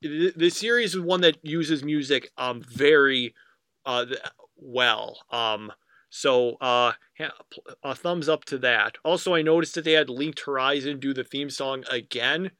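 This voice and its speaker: A man's voice: medium pitch, a little slow, bright, forceful tone, no room sound. A young man co-hosting a casual podcast, recapping an episode in a rambling way with many fillers. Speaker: podcast co-host. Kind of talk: casual anime review chat.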